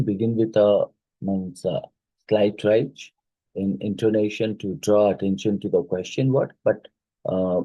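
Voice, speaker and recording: A man's voice: lowish voice, warm tone, slightly rough, no room sound, lo-fi sound. A man from India with Odia-influenced English, teaching a phonetics exam-prep lesson and explaining with many fillers and checks like "isn't it".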